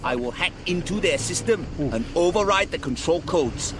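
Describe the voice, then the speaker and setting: An actor voicing a video game hacker ally, using a stiff, exaggerated foreign accent and clipped, formal commands. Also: male voice, fairly high pitch, expressive, normal speed, background noise, close to an everyday voice. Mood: commanding. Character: male hacker ally speaking with a mocked accent. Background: game music.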